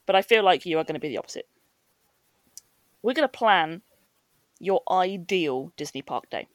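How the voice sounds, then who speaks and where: A woman hosting a podcast, chatting casually with quick asides and frequent laughs. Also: fairly low pitch, expressive, no room sound. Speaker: podcast host. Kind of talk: casual chat.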